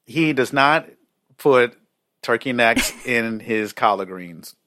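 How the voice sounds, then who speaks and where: A man's voice: mid-range voice, expressive, takes it slowly, pushed and bright, no room sound, clean studio sound. A young man co-hosting a podcast in casual chat, joking and laughing as he teases his co-host. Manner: laughing, joking, playful teasing.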